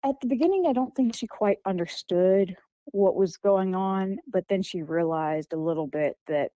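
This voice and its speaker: Speaking at normal speed in a medium-pitched, dark voice, this young guest author of children's books fields interview questions. She sounds casual and unsure, stopping to restart and using plenty of fillers, and the audio is poor though free of echo.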